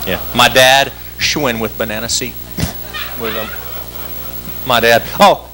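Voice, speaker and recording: A man doing a stand-up comedy routine on a club stage, wired and chanting words in rapid-fire repetition. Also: mid-range voice, fairly even intonation, bright, forceful tone, soft background music, low-quality recording. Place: club stage with live audience.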